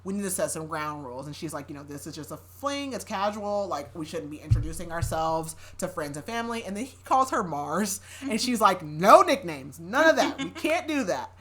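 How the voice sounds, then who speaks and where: A young adult woman hosting a podcast, retelling a story in loose, casual chat. Her voice sits a little low for a woman, and she fills her talk with "like" and easy laughter. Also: a little fast, few pauses, a bit bright. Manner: chatty, laughing often, heavy use of "like". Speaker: podcast host recapping a novel.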